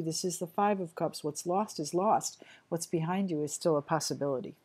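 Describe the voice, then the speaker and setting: A woman giving a casual tarot reading to viewers, talking in a chatty, halting way with frequent restarts and apologies. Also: deep voice, darkish tone, husky. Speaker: tarot reader.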